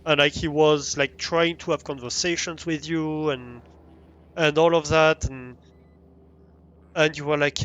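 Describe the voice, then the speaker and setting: A man's voice: on the high side, steady tone, a little slow, pauses often, fairly bright tone, clean tone, muffled recording. A man with a French accent chatting casually while livestreaming a game, rambling with frequent restarts and easy laughs. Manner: rambling, many restarts and ums, laughs easily.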